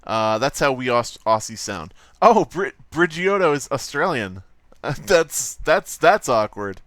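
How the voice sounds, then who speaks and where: A man's voice: medium pitch, very animated, measured pace, a bit bright, dry recording. Male streamer, mid-range voice, loose joking ramble with plenty of cursing, dry. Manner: rambling, joking, swears freely. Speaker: livestream host. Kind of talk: casual livestream chatter while drawing.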